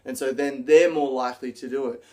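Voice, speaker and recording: Man, public speaking coach, energetic, moving while he talks, medium pitch. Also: a little fast. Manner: energetic, demonstrates gestures while talking. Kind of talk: direct-to-camera teaching video.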